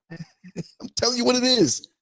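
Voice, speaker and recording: A man's voice: very high voice, slow, fairly bright tone. An older man from the United States, hosting a livestream and telling a story in a blunt, emphatic way. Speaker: podcaster host.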